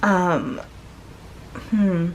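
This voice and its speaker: Slow, gentle-voiced woman reading tarot. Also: on the low side, steady tone, slight background noise. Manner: slow, gentle, searching, with many pauses and restarts. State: tearful, emotional. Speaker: tarot reader. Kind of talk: casual spoken tarot reading.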